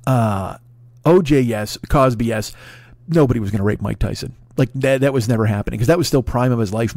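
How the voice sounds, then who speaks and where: A man's voice: medium pitch, a little mellow, dry recording, studio quality. A man in his forties delivering a solo comedic podcast monologue, ranting and swearing freely, chuckling and restarting sentences as he riffs. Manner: profane, ranting, riffing with laughs and restarts. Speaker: podcast host.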